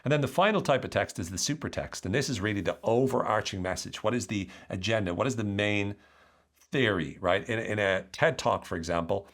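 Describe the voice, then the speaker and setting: A man's voice: fairly low pitch, a little fast. Irish man explaining on a podcast. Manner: explanatory, animated, acts out quoted lines. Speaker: podcast host. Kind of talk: solo podcast talk.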